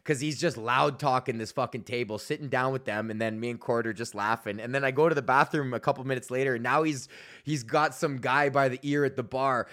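A man's voice: medium pitch, fairly quick, fairly bright tone. A young man hosting a podcast, ranting casually and angrily with constant swearing. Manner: profane, exasperated, heavy swearing. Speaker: podcast host.

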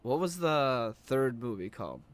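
A man's voice: mid-range voice, very animated, moderate pace. A man chatting casually with friends, joking and teasing the others. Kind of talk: casual podcast chat.

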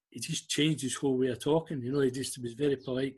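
An older Scottish man spins old workplace stories in a relaxed, chatty way. His voice has a husky, slightly rough edge, and he slips into the voices of the people he quotes. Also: mid-range voice, brisk, few pauses. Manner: anecdotal, acts out quoted dialogue. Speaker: guest, former club liaison officer. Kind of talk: casual storytelling interview.

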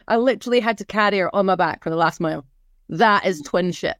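Brief: lively storytelling woman host, dry close mic. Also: on the high side, fast talker, no echo. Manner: animated storyteller, teasing. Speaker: podcast co-host. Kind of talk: casual chat.

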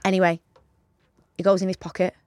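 Woman co-host, rapid chatty storyteller, dry close recording. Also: fairly low pitch, level tone, no echo. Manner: chatty storytelling, swears freely. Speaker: podcast co-host. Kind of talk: casual chat.

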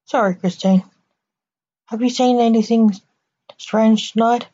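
A woman's voice: a little high, fairly even intonation, unhurried, dark tone, husky. A woman voicing a stern male assassin who is a protective father, with dry, clipped lines, on a dull lo-fi recording.

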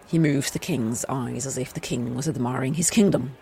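A woman's voice: rumbling low, normal speed, creaky, warm tone. A woman co-hosting a podcast who reads a story aloud and chats between passages. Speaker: podcast co-host and story reader. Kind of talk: casual chat and story reading.

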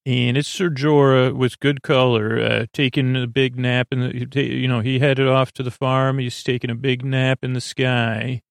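A man with a gravelly, creaky voice hosts a sleep-aid podcast, wandering through an episode recap as he thinks aloud. His delivery is hesitant and meandering, with barely any rise and fall in pitch. The recording is dry and close, with no room sound around him. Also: little pitch movement, normal speed, hardly any pauses, no echo. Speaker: podcast host.

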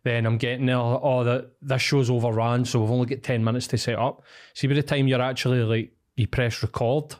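A man with a Glasgow accent, co-hosting a podcast in casual, sweary, animated banter. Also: medium pitch, fairly quick. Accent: Scottish, Glasgow. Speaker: podcast co-host.

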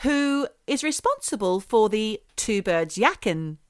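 Middle-aged woman co-host, joking, lively pitch, dry close mic. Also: clean tone, no echo. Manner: teasing, quick with jokes. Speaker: podcast co-host. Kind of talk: casual chat.

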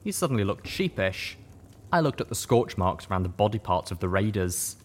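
A man giving a first-person audiobook narration with steady storytelling. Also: lowish voice, a little fast.

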